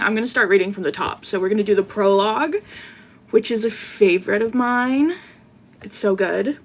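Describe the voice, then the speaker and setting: Chatty young woman on a phone live, bit of vocal fry, bubbly, jokey about herself. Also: mid-range voice. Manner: bubbly, chatty, self-deprecating. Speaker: podcast host reading live. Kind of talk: casual livestream chat. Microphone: phone with earbud mic.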